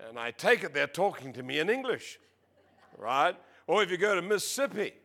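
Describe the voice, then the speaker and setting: An Australian man preaching a sermon, joking with the congregation and crying out praises, reading scripture slowly and with emphasis. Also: sits high, sing-song, gravelly, sharp tone. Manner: jokey, peppered with exclamations of praise. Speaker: visiting preacher.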